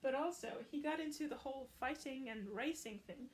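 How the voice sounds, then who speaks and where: High-voiced woman chatting sarcastically. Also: brisk. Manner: chatty and sarcastic, with wry asides. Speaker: film recap YouTuber. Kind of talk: casual film recap.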